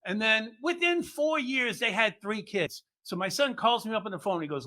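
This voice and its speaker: An older man hosting a show, telling comic family stories with deadpan punchlines and acting out what his relatives said. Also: high voice, normal speed, few pauses. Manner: deadpan punchlines, acts out quoted family members. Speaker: podcast host. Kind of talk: comic storytelling.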